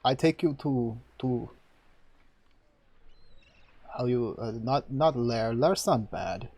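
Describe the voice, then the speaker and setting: A guy doing a gruff priest who talks in broken choppy phrases, kinda loud. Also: medium pitch. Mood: earnest. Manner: halting broken grammar, clipped phrases. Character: gruff male priest guide speaking broken common tongue.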